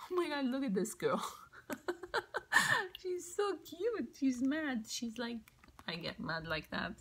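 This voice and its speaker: Gushing woman crafter, lively high voice. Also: a little hiss or hum. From Canada. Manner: gushing, excitable, keeps exclaiming how cute things are; drops into soft whispers now and then. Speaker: craft vlogger opening mail. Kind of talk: casual show-and-tell unboxing.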